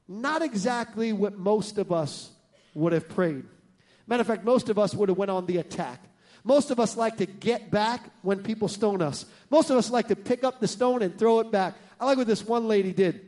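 A man preaching a sermon as pastor, swinging from loud bursts to hushed lines and acting out voices in his stories. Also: sits high, fairly quick.

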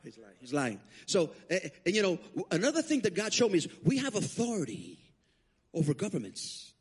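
A man preaching, his voice fairly high and a little husky. He tells stories as a guest preacher and swings up sharply whenever he acts out a quote. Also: moderate pace. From Puerto Rico. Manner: animated, acts out quotes with big pitch jumps. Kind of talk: storytelling sermon. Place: church sanctuary.

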